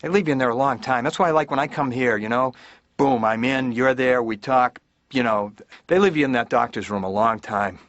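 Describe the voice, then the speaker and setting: A middle-aged comedian playing a therapy patient in a cartoon, rambling in a self-deprecating stand-up routine. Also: male voice, mid-range voice, a little fast, a bit bright, no room sound, close to an everyday voice. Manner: rambling, self-deprecating, slips into silly voices. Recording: dull dry cartoon soundtrack.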